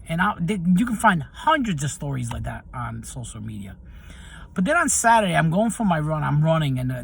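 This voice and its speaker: A man's voice: fairly high pitch, gravelly, a little hiss or hum. A middle-aged man telling personal stories in a casual monologue to camera, getting heated as he recounts what angered him. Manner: storytelling, animated when recounting anger. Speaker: video host.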